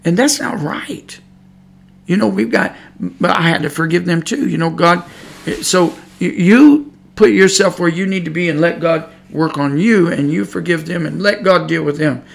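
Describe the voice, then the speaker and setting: Gravelly, earnest preaching man. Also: on the high side, expressive, moderate pace. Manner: earnest, emphatic preaching with repetitions. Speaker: podcast Bible teacher. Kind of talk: preaching Bible study. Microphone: podcast microphone.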